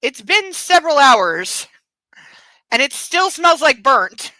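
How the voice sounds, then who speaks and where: Bright, chatty woman host. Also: high-pitched, very animated, takes it slowly, no echo, low-quality recording. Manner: chatty and self-amused, with frequent laughs. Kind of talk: casual chat.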